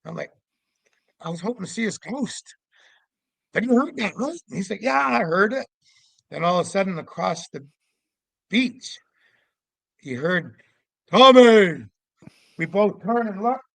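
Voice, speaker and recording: A middle-aged man from Canada telling stories in a casual, animated way, shouting out the voices of the people in them. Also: high voice, moderate pace, vocal fry, pauses often, no room sound, poor audio. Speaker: guest storyteller, Sasquatch investigator. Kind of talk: casual storytelling.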